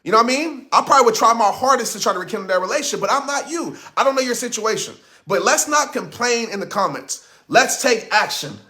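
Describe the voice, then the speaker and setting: A man delivers a motivational speech in a high, forceful voice, leaning into each line like a sermon. He hammers his points home and repeats them for effect, speaking close into a studio microphone. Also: expressive, fast talker, few pauses. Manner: emphatic, preachy, repeats lines for effect.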